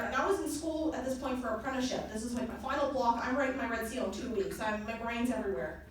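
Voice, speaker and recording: A young woman giving a motivational convention talk, telling personal stories in a lively way and laughing often. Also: on the high side, quick pace. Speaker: presenter at a company convention. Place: large conference hall. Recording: echoey hall from far off, noisy.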